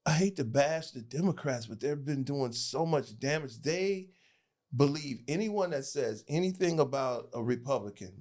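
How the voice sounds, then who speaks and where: A man talking as a podcast guest in casual political chat, animated and laughing, with a knack for mimicking voices. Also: mid-range voice, normal speed.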